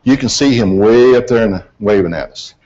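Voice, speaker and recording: A man's voice: on the low side, moderate pace, mellow. A middle-aged man, an accident investigator giving a presentation and telling a folksy, self-deprecating story. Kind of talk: presentation to an audience. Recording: dull lo-fi hall recording.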